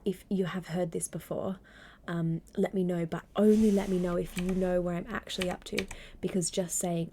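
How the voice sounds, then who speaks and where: A woman reads aloud and chats on a live stream from her home desk microphone. Her voice is low and mellow with a gravelly fry, and she slips often into a soft, wry half-whisper. It has the hushed closeness of a home stream. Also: slight background noise. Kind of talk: soft-spoken stream reading and chat.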